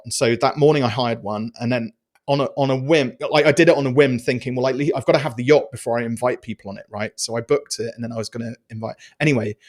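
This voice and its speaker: Chatty man telling a story. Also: medium pitch. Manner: animated, chatty storyteller with many restarts and fillers. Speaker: podcast guest. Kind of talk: casual storytelling interview.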